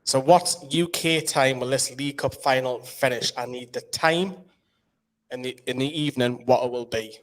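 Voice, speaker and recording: A man's voice: medium pitch, normal speed. A man with a Geordie accent hosting a casual live quiz, chatty and explaining the rules at length. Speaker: quiz host.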